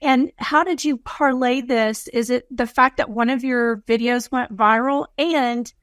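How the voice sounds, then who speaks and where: A woman's voice: a little high, steady tone, measured pace, a bit bright, dry recording, studio quality. A woman audience member eagerly asking a comedian questions, stumbling and restarting as she goes. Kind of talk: casual talk-show question.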